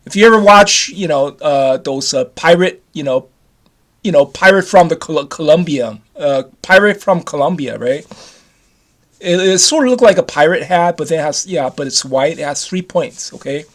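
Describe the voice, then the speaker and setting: High-voiced rambling man in his fifties. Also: expressive, normal speed. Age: 50s. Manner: repetitive, restarts often, casual swearing. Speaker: vlogger. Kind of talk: rambling personal story to camera.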